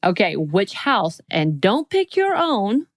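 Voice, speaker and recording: A woman's voice: medium pitch, big pitch swings, slow pace, dry recording, clean studio sound. A woman co-hosting a podcast, reading quiz questions aloud in a playful, casual chat. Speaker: podcast co-host.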